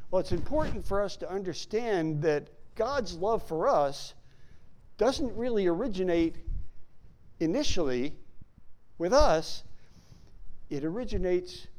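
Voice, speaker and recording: A man teaching a sermon who reads scripture aloud and slows down to stress key words. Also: sits high, expressive, a little mellow. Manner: reads King James verses aloud. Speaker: Bible teacher.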